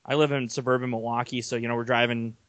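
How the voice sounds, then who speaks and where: A young man co-hosting a casual sports podcast, telling long rambling stories with animated energy. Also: medium pitch, quick pace, no echo. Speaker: podcast co-host.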